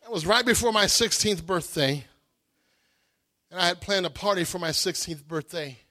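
A male preacher giving an emotional, animated sermon testimony that rises to shouts. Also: high voice, normal speed, no echo, studio quality.

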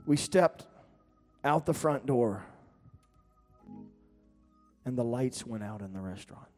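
A middle-aged man, preaching a sermon as a lively storyteller, jumping to loud peaks and laughing between lines. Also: mid-range voice, takes it slowly, soft background music. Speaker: pastor.

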